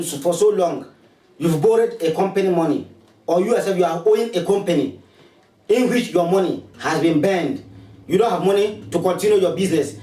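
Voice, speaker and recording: A man's voice: sits high, a little mellow, echoey room, recorded from a distance, rough recording. A man with a Ghanaian accent, a spiritualist making a repetitive, coaxing promotional appeal to viewers. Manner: preachy, repetitive, urging and coaxing. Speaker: spiritualist advertising his services.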